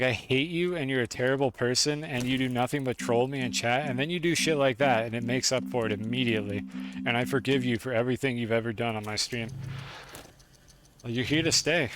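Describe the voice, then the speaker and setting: A young male streamer talking casually and profanely to his chat while he plays. His voice sits at an average pitch. He rambles, jokes and narrates what he is doing. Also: brisk, a bit bright, slight background noise. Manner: chatty, profane, talks to chat. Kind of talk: casual game-stream commentary.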